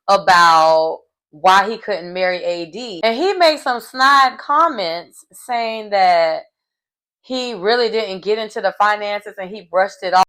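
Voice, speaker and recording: Sassy woman recapping reality TV. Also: medium pitch. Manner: sassy, colloquial, animated, laughs often. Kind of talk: casual TV recap commentary.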